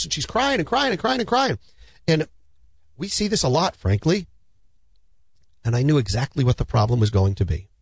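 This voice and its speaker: A man's voice: on the high side, no echo. A middle-aged man, a financial advisor hosting a show, giving earnest, persuasive money advice and telling client stories. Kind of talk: conversational advice talk.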